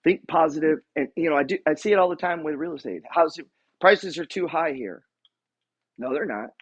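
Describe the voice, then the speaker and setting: A man's voice: on the high side, brisk, husky. A man investor giving a blunt, profane motivational rant about money and real estate. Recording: dull lo-fi recording.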